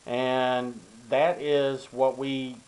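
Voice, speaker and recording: A man's voice: mid-range voice, flat delivery, extremely slow, a little mellow, rough recording. An older man from Arkansas, giving casual, rambling advice to young men, full of ums and you-knows. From Arkansas, USA. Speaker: vlogger. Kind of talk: casual advice talk to camera.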